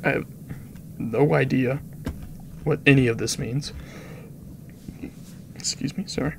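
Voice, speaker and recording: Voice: medium pitch, normal speed, vocal fry, a little hiss or hum. A gaming video creator giving rambling, casual commentary over gameplay, with muttered asides that drop to whispers.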